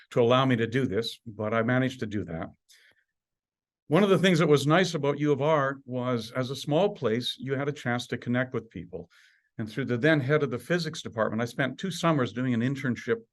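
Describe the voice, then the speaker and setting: A man in his sixties, from Canada, gives a prepared alumni talk in a lively voice at an ordinary, middle pitch. He jumps up on key words for emphasis and drops low at the ends of phrases. His self-deprecating humor comes through while he stays steady and composed. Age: 60s. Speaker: university administrator giving an alumni talk.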